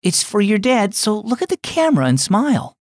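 A man voicing a firm, upbeat mother who coaxes her children briskly. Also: high voice, huge pitch swings, no room sound, studio quality, pitched above the performer's own voice, heavily acted. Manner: brisk, coaxing.

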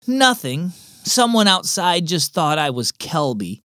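A man's voice: on the high side, sing-song, unhurried, bright, forceful tone, no room sound, clean studio sound, voice pushed up, exaggerated voice. A man doing a sulky, sarcastic young boy. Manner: sighing, sarcastic. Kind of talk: storybook reading.

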